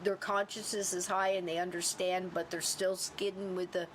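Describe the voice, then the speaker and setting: A woman's voice: on the low side, moderate pace, slight background noise. A woman hosting a podcast, telling a story in casual chat and acting out the people she quotes. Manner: animated, acts out quoted people. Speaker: podcast host.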